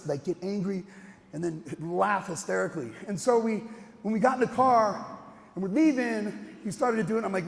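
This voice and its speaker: An animated man tells a personal story in a rambling way, restarting his sentences and laughing between them. His voice runs high with a gravelly edge. It rings out with a long hall reverb. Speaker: speaker telling a personal story.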